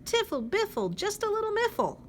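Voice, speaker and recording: A woman's voice: extremely high pitch, big pitch swings, fairly quick, slight background noise, pitched above the performer's own voice. A woman voicing a small, shy female songbird in a picture-book read-aloud, giving her timid and silly little rhymes. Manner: timid, then playfully silly.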